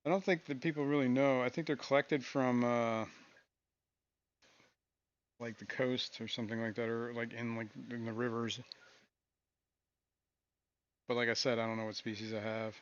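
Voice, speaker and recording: A man hosting a casual live stream from his fish room, talking in a relaxed, rambling way with frequent chuckles. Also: medium pitch, normal speed, pauses often, lo-fi sound. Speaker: aquarium stream host.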